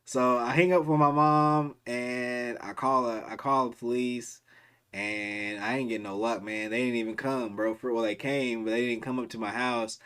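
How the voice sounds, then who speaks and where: A man in the middle of a long story on stream, talking loosely with plenty of slang, starting sentences over and repeating words as he goes. His voice sits at an ordinary middle pitch for a man. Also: steady tone, normal speed, a bit bright, clear, resonant tone. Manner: rambling, slangy, many restarts and repetitions.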